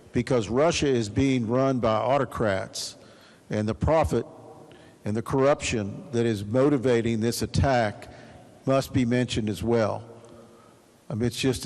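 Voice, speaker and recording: A man's voice: medium pitch, darkish tone. Blunt man speaking in an echoey chamber. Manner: blunt, indignant. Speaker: state senator. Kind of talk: floor remarks. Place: legislative chamber.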